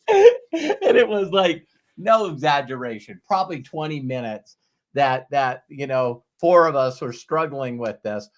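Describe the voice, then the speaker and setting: Animated storytelling man hosting a podcast. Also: a little high, takes it slowly. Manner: animated storyteller who acts out quoted voices and swears casually. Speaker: podcast host. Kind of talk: casual conversational storytelling.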